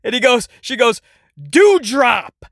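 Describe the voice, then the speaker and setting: Bright-voiced guy ranting about wrestling, swears a lot, sarcastic, dry sound. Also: high-pitched, unhurried, no room sound. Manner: profane, sarcastic, animated. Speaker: podcast host. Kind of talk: casual wrestling commentary.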